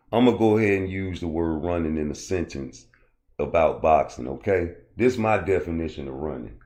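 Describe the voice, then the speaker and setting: A man's voice: sits low, a little mellow. A man hosting a casual livestream, rambling and cursing as he answers chat comments. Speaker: livestream host.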